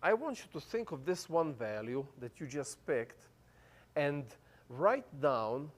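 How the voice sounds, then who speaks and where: A man preaching as a pastor, giving his congregation a writing exercise with slow, deliberate instructions. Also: a little high, very animated. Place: church hall.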